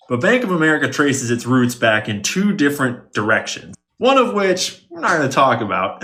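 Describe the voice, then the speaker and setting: A man walks through a tangled money trail like an online commentator sharing a discovery. His tone is wry and conspiratorial, and he slips in dry, sarcastic asides. His voice sits at an ordinary middle pitch. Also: sharp tone. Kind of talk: explainer monologue.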